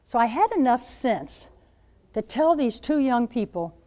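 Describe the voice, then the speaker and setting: A woman in her seventies, a Catholic nun speaking to high school students as a guest speaker, telling stories in an animated way and acting out what people said. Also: a little slow. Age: 70s. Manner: animated storyteller, acts out quoted voices. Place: school gathering room.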